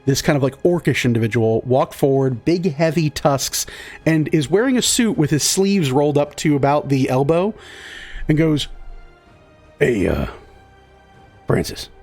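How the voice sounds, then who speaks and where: A man's voice: a little high, animated, normal speed, a little mellow, soft background music. A man narrating as game master of a tabletop game, in loose narration full of fillers.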